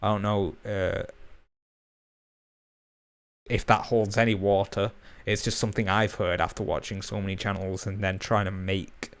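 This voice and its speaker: A young man with a Bolton accent from northern England, chatting casually and rambling quickly, with fillers and swearing. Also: fairly low pitch, level tone. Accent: Bolton, northern English. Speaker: YouTuber. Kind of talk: casual chat to camera.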